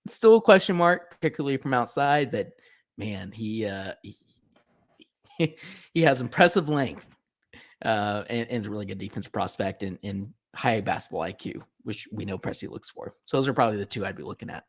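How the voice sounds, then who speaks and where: A man's voice: on the low side, lively intonation, moderate pace. A man on a sports podcast panel, giving thoughtful takes with a lot of hedging. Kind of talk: casual sports podcast chat.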